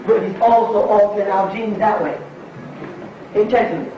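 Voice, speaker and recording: A man's voice: high-pitched, normal speed, music in the background. A man giving a lecture to an audience and taking their questions. He talks emphatically, repeats his points and asks rhetorical questions. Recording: distant, echoey, dull lo-fi recording.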